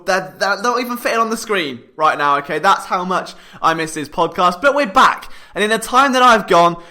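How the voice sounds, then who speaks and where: A young British man hosting a sports podcast, talking in a jokey, animated, self-mocking way. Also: high voice. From Britain. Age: young adult. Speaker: podcast host.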